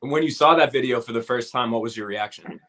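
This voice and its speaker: A man interviewing a fighter, asking questions in a quick conversational way. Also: mid-range voice, bright, forceful tone.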